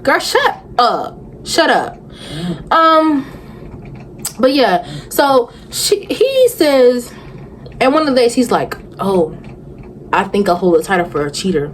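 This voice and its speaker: A woman's voice: a little high, very animated, a little slow, pauses often, slight background noise, low-quality recording. A young woman vlogger, animatedly recapping a reality show in sassy casual chat and talking back with rhetorical questions.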